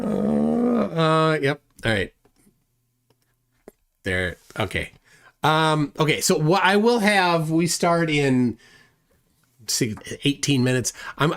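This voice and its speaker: A man's voice: mid-range voice, a bit bright. A man hosting a casual livestream, reading viewer comments aloud and rambling with self-deprecating chuckles. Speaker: livestream host.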